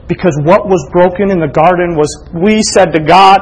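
A man preaching a sermon with passion, his husky voice swinging from hushed, slow lines to near-shouting. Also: high voice, fairly even intonation. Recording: long reverb of a large hall.

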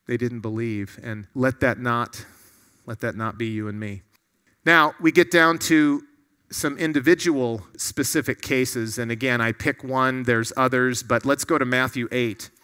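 A man's voice: medium pitch, fairly bright tone, smooth. A man preaching a sermon to a room of listeners, earnest and often putting questions to them.

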